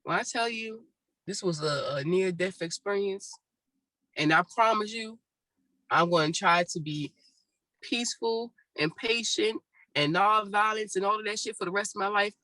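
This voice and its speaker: A podcast co-host telling stories in casual, profane chat, with a sore throat after surgery. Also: female voice, medium pitch, moderate pace, no echo, poor audio. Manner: profane, animated storytelling.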